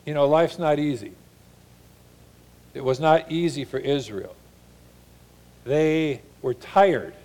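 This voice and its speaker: A man delivers a sermon from the pulpit in an earnest, pastoral way. His voice sits a little high for a man, and he slows down and softens on the lines he wants to land. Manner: earnest, shifts into mock voices for paraphrase.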